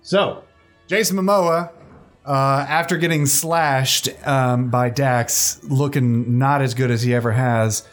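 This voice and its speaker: A man running a tabletop game as game master, relaxed and often laughing. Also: mid-range voice, slow pace, faint music behind.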